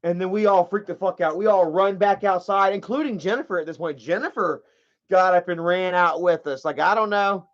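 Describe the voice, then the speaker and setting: Profane high-voiced man telling a story. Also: fairly quick. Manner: rambling, profane, animated. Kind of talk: casual storytelling to viewers. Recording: dull lo-fi stream audio.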